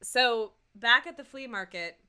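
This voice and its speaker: A woman with a bright, clear voice that rides a little higher than most, chatting casually on a podcast. Her pitch swings widely as she recaps a TV episode, laughing often and acting out lines from the scenes. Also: lively intonation, measured pace. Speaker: podcast co-host.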